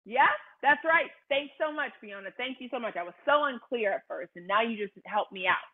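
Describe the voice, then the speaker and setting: A woman's voice: on the high side, animated, a little fast, slightly rough. A woman teaching a family yoga class, leading poses with playful, encouraging cues. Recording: tinny phone-like livestream audio.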